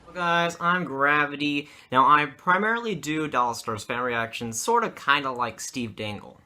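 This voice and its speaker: A man's voice: fairly high pitch, moderate pace, sharp tone. A young man giving an eager, upbeat guest take on a hockey game. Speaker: guest hockey fan youtuber. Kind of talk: casual game recap.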